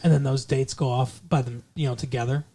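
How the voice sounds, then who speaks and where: A man's voice: mid-range voice, steady tone, fairly quick, crowd noise. A man co-hosting a casual movie review podcast, rambling and joking, often breaking into mock impressions. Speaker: podcast co-host.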